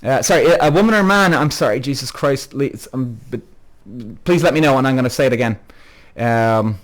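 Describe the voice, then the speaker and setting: A man's voice: mid-range voice, a little fast. A man hosting a podcast live-streamed to an online audience. He reads out viewers' comments, greets them by name, rambles and swears freely as he gets heated. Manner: chatty, addresses viewers by name. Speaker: podcast host.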